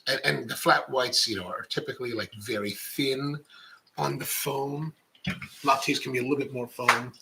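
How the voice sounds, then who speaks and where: A man's voice: medium pitch, gravelly, pushed and bright, poor audio. A middle-aged man hosting a coffee show, chatting casually and rambling as he reads out viewer comments. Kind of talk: casual live-stream chat.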